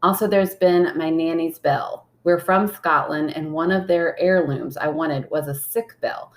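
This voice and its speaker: A woman's voice: sits low, fairly even intonation, measured pace. A young woman co-hosting a podcast, chatting casually and reading listener messages aloud, laughing often. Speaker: podcast co-host.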